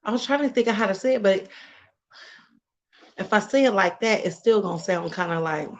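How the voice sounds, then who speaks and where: A woman's voice: medium pitch, lively intonation, brisk. A middle-aged woman chatting casually on a live stream, greeting viewers by name and laughing often.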